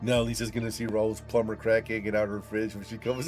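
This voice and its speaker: A man hosting a gaming channel, chatting casually while he plays and telling stories in an excitable, profane way full of "dude". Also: fairly low pitch, a little fast, hardly any pauses, soft background music.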